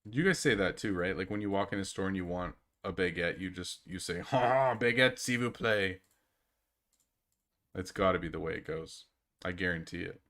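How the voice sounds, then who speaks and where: Young man, low voice, casual stream chat, rambling, self-mocking laughter, desk mic. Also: steady tone, a little fast, a bit bright. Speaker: game streamer.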